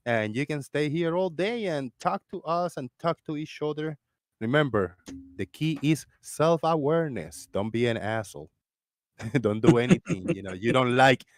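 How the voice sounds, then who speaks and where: A man with a Floridian accent hosting a live call-in discussion, talking in an excitable, rambling way with many restarts. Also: medium pitch, dry recording, clean studio sound. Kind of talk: casual live-stream chat.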